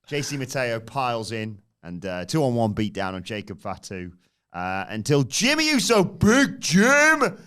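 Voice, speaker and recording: A man, co-hosting a podcast and recapping events in a casual, animated way. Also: mid-range voice, measured pace, clear, resonant tone. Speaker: podcast co-host. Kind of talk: casual review chat.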